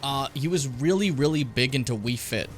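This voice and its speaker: A man's voice: mid-range voice, expressive, normal speed, faint music behind. A young man hosting a game stream, joking around in casual, playful chat and sometimes talking while eating. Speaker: streamer host. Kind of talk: casual chat over gameplay.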